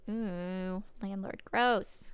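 A woman's voice: mid-range voice, steady tone, very slow, clear, resonant tone, no room sound. A woman streamer reading a visual novel aloud and reacting to it with chatty, sympathetic comments. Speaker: gaming streamer.

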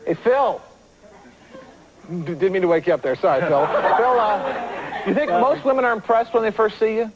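A man's voice: high-pitched, lively intonation, moderate pace, pauses often, over a noisy crowd. A man hosting a TV dating game show, teasing the contestants with jokes in front of a live studio audience. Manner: wisecracking, teasing. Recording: loud studio audience and noise.

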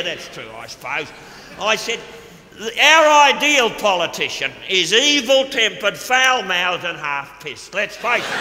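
A man's voice: sits high, pushed and bright, echoey room, in a large hall, a little hiss or hum, exaggerated voice. A man playing a crude, boozy middle-aged Australian official in a live stand-up monologue, with a brash, gleeful drawl and an Australian accent. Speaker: stage comedian in character. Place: stage before a live audience. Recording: live theater recording with audience.

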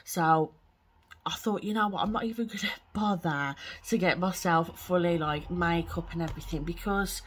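A woman's voice: lowish voice, normal speed, slight background noise. A young woman vlogging casually outdoors by a field of horses on a handheld camera, chatty and rambling with lots of fillers. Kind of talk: casual travel vlog chat.

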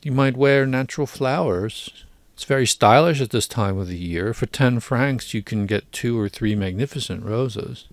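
A man's voice: mid-range voice, normal speed, dry recording, natural voice. A man reading the part of an anxious husband, a humble clerk who coaxes and frets. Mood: soothing.

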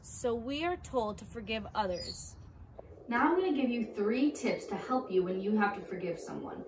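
A woman's voice: on the high side, lively intonation, normal speed. A woman teaching a children's church lesson, upbeat and speaking simply to kids. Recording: echoey room, distant mic, background noise.

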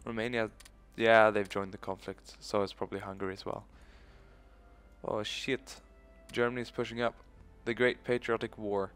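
Male gaming host, low-ish voice, casual let's-play talk, thinks aloud. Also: level tone, moderate pace, a bit bright, clear, resonant tone, soft background music. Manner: thinking aloud, loose and profane.

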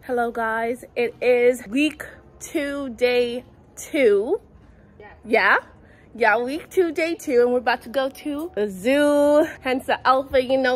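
A woman's voice: a little high, slight background noise. Bubbly woman vlogger, chatty. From Ghana. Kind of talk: casual vlog. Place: out and about at a market, home and zoo. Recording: background music over the vlog.

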